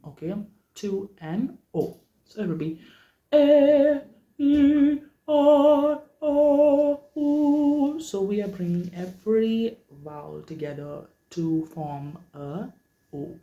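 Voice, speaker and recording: In an echoey room, a vocal coach runs a workshop on vowels, frequently checking in with listeners and demonstrating vowels at a high pitch. The delivery is a little slow, and the audio sounds narrow and tinny.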